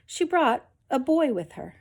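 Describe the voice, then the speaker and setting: A woman reading a children's novel aloud in a measured, expressive storytelling manner. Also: sits high, gravelly. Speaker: reader.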